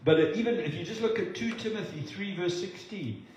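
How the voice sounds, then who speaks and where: A man's voice: sits high, a little fast, darkish tone, dull audio, a little hiss or hum. A man from South Africa preaching a sermon as pastor, earnest and repeating words for emphasis. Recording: very echoey room, voice from a distance.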